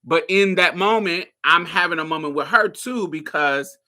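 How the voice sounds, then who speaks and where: A woman from Indiana hosting a podcast, telling personal stories in a casual, profane, animated way and laughing often. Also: lowish voice, normal speed. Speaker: podcast host. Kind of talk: casual storytelling monologue.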